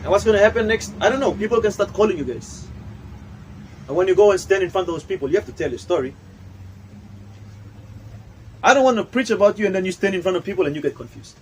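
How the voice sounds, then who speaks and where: High-voiced emphatic male workshop trainer. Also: lively intonation, very fast, a little hiss or hum, poor audio. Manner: preachy, emphatic, switches into local language. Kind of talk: animated workshop talk. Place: training room.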